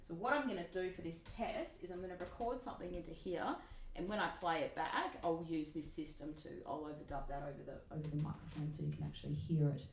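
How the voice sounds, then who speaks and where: A woman's voice: low voice, quick pace, hardly any pauses. Chatty woman in an echoey room. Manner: chatty, self-deprecating, rambling with restarts. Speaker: singer reviewing microphones. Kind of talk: casual demo talk. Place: home recording setup. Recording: echoey room, faint noise.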